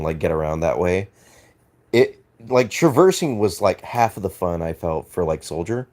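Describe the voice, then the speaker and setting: An Australian man reads and answers live-stream chat in a rambling, hesitant style, full of fillers and restarts, with easy laughter and swearing. His voice is somewhat low and a little mellow.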